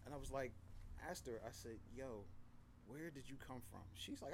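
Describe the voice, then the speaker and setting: As a podcast guest, a man tells candid, profane stories in a loose, conversational way, often saying "like" and "you know." His medium-pitched voice is expressive at a moderate pace, with background noise behind him.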